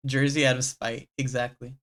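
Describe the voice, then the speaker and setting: A streamer reads a game's dialogue aloud on a live stream. The voice sits in a middle pitch and stays animated, jumping to loud outbursts and then sinking into a low, murmured reading tone.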